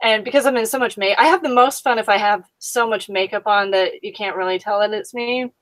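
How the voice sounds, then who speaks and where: A woman's voice: medium pitch, fairly quick, fairly bright tone, no room sound, rough recording. A woman being interviewed as an actress guest, chatting casually with frequent laughs and acting out little quotes.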